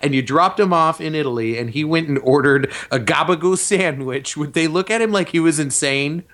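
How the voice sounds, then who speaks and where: A podcast co-host from Southern California, excitable in casual chat, laughing and cussing. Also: mid-range voice, normal speed. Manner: excitable, laughs a lot, cusses.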